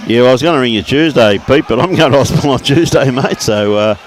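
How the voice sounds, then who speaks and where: A man's voice: medium pitch, fast talker. A man giving casual, laid-back bowls commentary, calling everyone mate and buddy. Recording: outdoors at a bowls green.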